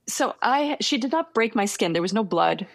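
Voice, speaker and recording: A woman's voice: fairly high pitch, animated, moderate pace, no echo. A young woman telling a personal story in a casual interview, hesitant and self-deprecating.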